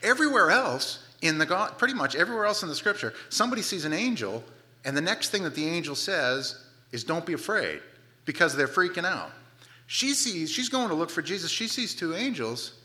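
A middle-aged man preaching a sermon, telling the story with playful asides and dropping to soft, hushed tones for tender moments. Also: fairly high pitch, sing-song, fairly quick. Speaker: pastor.

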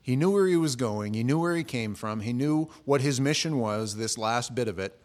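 In an expressive mid-range voice at normal speed, a middle-aged man preaches a sermon through casual storytelling. He performs the voices of those he quotes and frequently starts his sentences over.

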